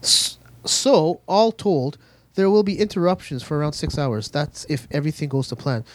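Lively-voiced young man reading gaming news. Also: on the high side, moderate pace. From eastern North America. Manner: reads news aloud, gets irritated at interruptions. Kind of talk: casual group chat, reading news.

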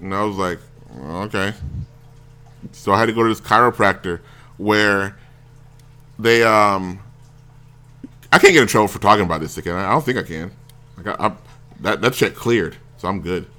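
A man's voice: fairly low pitch, moderate pace, pauses often, bright, forceful tone. A man hosting a talk show, telling a rambling story casually and acting out the people he quotes. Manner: rambling, self-interrupting, acts out quoted voices. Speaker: show host.

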